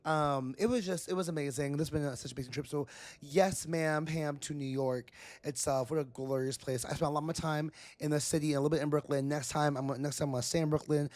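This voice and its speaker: A man co-hosting a podcast, telling animated, profane stories in casual chat with frequent restarts. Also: on the high side, quick pace, no room sound. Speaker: podcast co-host.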